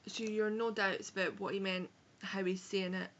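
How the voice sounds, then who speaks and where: Recorded lo-fi at home on a rainy day, a young woman from Scotland gives a casual, frank book review with swearing and self-corrections. Her Edinburgh-accented voice is medium in pitch and a bit bright, moving at a moderate pace with little pitch movement.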